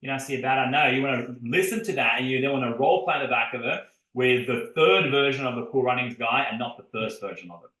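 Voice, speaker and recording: A man's voice: mid-range voice, fast, hardly any pauses. A man co-hosting a podcast for chiropractors, telling stories with energy and talking straight to the listeners. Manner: energetic storytelling, addresses listeners directly. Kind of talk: casual podcast chat. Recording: roomy echo.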